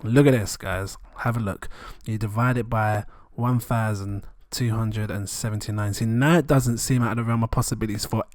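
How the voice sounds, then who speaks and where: A man, rambling excitedly and chuckling often as he talks through numbers in a casual vlog. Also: fairly low pitch, moderate pace, hardly any pauses, no echo, clean studio sound. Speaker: crypto vlogger.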